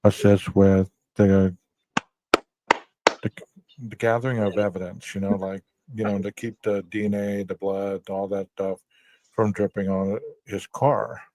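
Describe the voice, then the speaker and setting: A man hosting a casual true-crime podcast who reads viewer chat and talks in a measured way, often saying "you know". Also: on the low side, flat delivery, noisy background.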